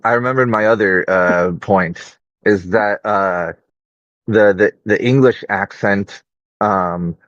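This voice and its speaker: A man's voice: on the low side, no echo, dull audio. A man in a casual group chat, rambling with many fillers and restarts. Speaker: podcast participant.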